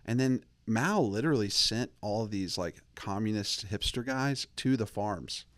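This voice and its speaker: A man hosting a podcast, talking in a rambling, joking way with quick asides and restarts. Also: fairly low pitch, expressive, a bit bright, no room sound. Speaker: podcast host. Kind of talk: casual podcast chat.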